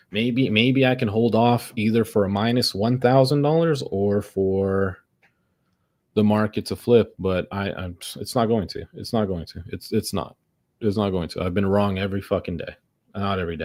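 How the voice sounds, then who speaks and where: Young man, low-ish voice, exasperated, swearing, muttering about trading losses. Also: darkish tone. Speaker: day trader streaming live. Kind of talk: frustrated live commentary.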